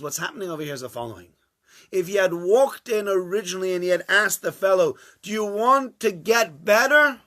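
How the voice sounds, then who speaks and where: A man teaches an informal Torah class in a small, warm room. His voice is bright and fairly high. He acts out the dialogue and swings from loud bursts to hushed asides. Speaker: rabbi giving a Torah class.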